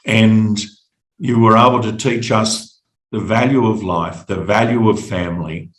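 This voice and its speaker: A middle-aged Australian man telling his personal story as a podcast guest, halting and reflective, often repeating words. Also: lowish voice, fairly even intonation, roomy sound, low-quality recording.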